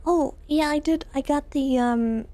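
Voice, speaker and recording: A woman's voice: high-pitched, measured pace, warm tone. A woman in her thirties voicing a kind, polite police officer in a game roleplay chat. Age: 30s. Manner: sweet, polite and easygoing. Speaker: streamer playing a police officer character.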